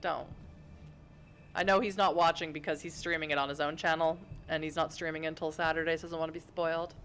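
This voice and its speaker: A woman's voice: low voice, little pitch movement, quick pace, a bit bright, faint music behind. A woman streaming a narrative game, reading its narration aloud and chatting with chatty, giggly joking asides.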